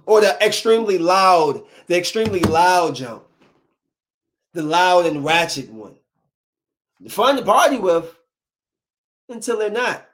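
A man's voice: sits high, expressive, unhurried, long pauses, a bit bright. A young adult man delivering a comic monologue, full of incredulous rhetorical questions. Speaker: comedian. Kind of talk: stand-up style comic monologue.

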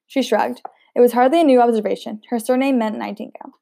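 A woman's voice: a little high, fast talker, vocal fry, dry recording, studio quality. Woman reading a novel aloud. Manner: steady reading with chatty asides. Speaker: audiobook reader.

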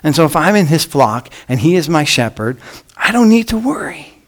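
High-voiced man preaching a sermon. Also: normal speed. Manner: animated preaching, swinging from emphatic to hushed; reads scripture aloud with emphasis. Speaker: pastor.

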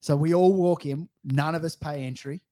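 A man's voice: fairly high pitch, moderate pace, mellow. A young Australian man telling a rambling, sweary story as a casual podcast co-host. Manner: rambling, swears freely, acts out quotes.

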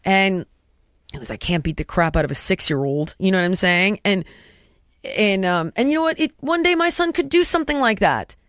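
A woman in her thirties telling a personal story in casual conversation, animated and emphatic, stringing rhetorical questions and dropping to a hush for quoted words. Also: medium pitch, a little fast, dry recording, clean studio sound.

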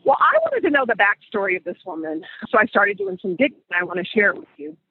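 Guy hosting a podcast, high husky voice, telling a story with lots of emphasis, sounds like a phone line. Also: sing-song, quick pace, dry recording. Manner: emphatic, repeats phrases for weight. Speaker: podcast host. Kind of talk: conversational storytelling.

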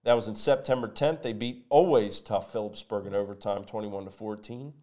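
A man hosting a local high school football talk show, reading sponsor spots and previewing games in a lively, conversational way. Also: brisk. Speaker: sports show host. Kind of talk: sports talk and sponsor reads.

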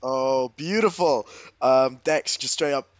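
A man playing in a tabletop game, talking casually and excitably with halting restarts. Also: mid-range voice, a loud crowd. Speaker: player.

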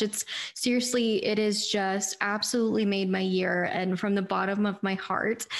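A woman in her thirties hosting a faith-based pep talk podcast, chatty and earnest, often saying "you guys". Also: medium pitch. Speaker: podcast host.

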